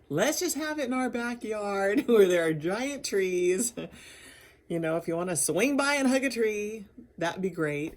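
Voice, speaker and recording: A woman talking candidly in a personal video diary, rambling and laughing often between thoughts. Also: medium pitch. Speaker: vlogger.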